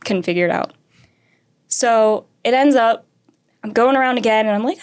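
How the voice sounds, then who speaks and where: Lively young woman telling a racing story. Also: on the high side, moderate pace, smooth. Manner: animated storyteller, acts out quotes, laughs often. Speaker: karting racer, podcast guest. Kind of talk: casual storytelling interview.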